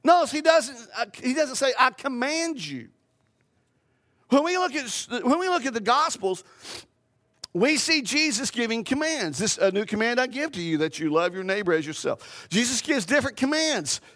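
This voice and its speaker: A man with a high voice delivers a sermon from the pulpit. He drives his points home with emphatic repetition, stacking phrase on phrase and restarting as he goes. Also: sing-song, moderate pace, fairly bright tone. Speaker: pastor.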